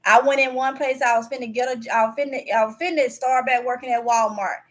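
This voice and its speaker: Woman, Mississippi Southern accent, high voice, chatty folksy vlog storytelling, candid. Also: steady tone, fairly quick. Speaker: vlogger. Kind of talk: casual storytelling to camera.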